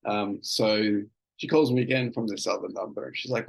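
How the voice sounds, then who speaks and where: A man's voice: lowish voice, steady tone, normal speed, gravelly, husky, rough recording. A man hosting a casual solo podcast, telling an everyday story in a rambling, self-amused way with plenty of fillers and restarts. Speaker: podcast host.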